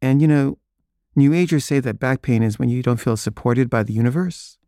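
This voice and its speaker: A man's voice: mid-range voice, a little fast, warm tone, no room sound, studio quality. A man casually telling a personal story, chuckling now and then and acting out the dialogue he remembers.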